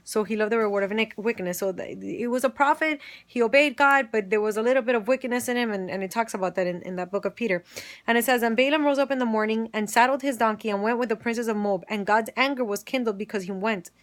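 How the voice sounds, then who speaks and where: A woman's voice: fairly high pitch, fast. Woman teaching a Bible study. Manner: retells scripture with quoted dialogue, frequent restarts.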